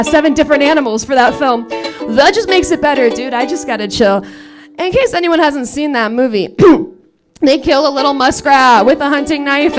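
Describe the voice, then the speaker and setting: A woman in her late twenties performing a comedic sung story live on a saloon stage, wry and profane, with spoken asides between verses. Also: sits high. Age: late 20s. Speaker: comedic singer-songwriter. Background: her own ukulele accompaniment.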